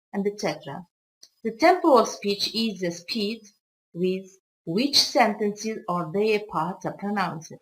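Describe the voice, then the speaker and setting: A woman with a Kazakh accent, a college English teacher whose first language is Kazakh, explaining intonation slowly and carefully in a recorded video lesson. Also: medium pitch, poor audio. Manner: slow, careful explanatory delivery with occasional restarts.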